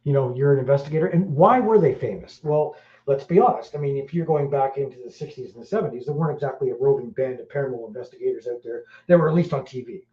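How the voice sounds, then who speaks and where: On a roomy, dull, lo-fi recording, a middle-aged Welsh podcast host talks fast in a mid-range voice. He rambles through casual chat bluntly and crudely, leaning on many fillers.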